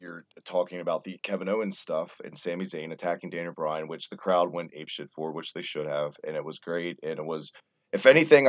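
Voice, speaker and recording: A low-voiced man hosts a casual podcast chat. He talks in an animated way and swears freely. The audio sounds dull and lo-fi. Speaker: podcast host.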